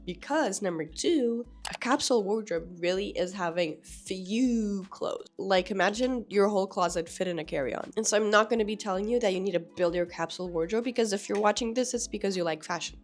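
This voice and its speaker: A young woman fashion vlogger with a hoarse, cracking voice from being sick, chatting casually and opinionated to camera. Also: fairly low pitch. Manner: chatty, opinionated, lightly joking.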